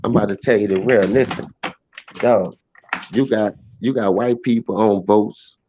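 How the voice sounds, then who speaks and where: A man telling a personal story in a blunt, profane, animated way. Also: on the low side, moderate pace, noisy background. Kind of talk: casual first-person storytelling. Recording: dry, slightly dull recording.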